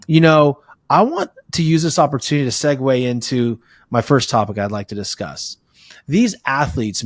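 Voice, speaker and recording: A middle-aged man hosting a podcast interview, telling stories in quick animated bursts. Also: medium pitch, dry recording, clean studio sound. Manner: animated storyteller, talks fast in bursts. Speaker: podcast host. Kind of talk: casual conversational interview.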